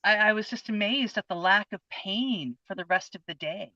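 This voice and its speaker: A woman's voice: medium pitch, moderate pace, bright, forceful tone, no room sound. A woman in her fifties co-hosting a casual chat, telling a personal experience in an earnest, open, heartfelt way. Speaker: co-host. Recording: dull lo-fi, dry sound.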